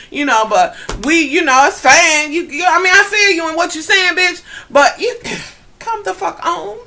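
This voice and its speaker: A woman vlogger giving a profane, gossipy casual recap, talking straight to her viewers and getting loud when she is riled up. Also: sits high, expressive, normal speed.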